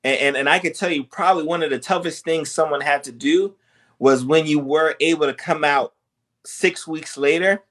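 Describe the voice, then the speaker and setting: A physician hosting an interview, speaking empathetically with frequent halting restarts. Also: male voice, a little high, a bit bright. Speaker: physician host. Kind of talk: conversational interview.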